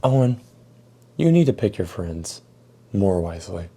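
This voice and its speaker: An enraged mom barks at her son and stacks up punishment after punishment, as a man puts her on. The voice sits low and very dark. She curses freely and sounds fed up. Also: big pitch swings, measured pace, breathy edge, heavily acted. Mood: stern. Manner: yelling, cursing, piling on punishments. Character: furious mother scolding her teenage son.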